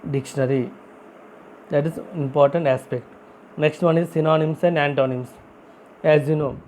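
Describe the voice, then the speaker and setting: A man's voice: on the high side, warm tone, slight background noise, rough recording. A man who is not a native English speaker teaching a vocabulary lesson, explaining step by step, asking and answering his own questions and repeating key phrases. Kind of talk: classroom-style vocabulary lesson.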